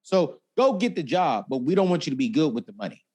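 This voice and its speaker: A man's voice: fast, breathy edge. A man in an interview, a personal finance expert telling stories expressively, acting out quotes and talking freely. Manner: expressive, acts out quotes with big pitch jumps, talkative. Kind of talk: animated interview storytelling.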